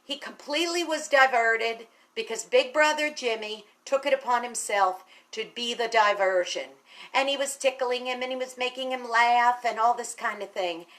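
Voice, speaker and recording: Chatty woman, slightly raised pitch, earnest storyteller, casual talk to camera. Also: moderate pace, fairly bright tone. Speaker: radio station general manager.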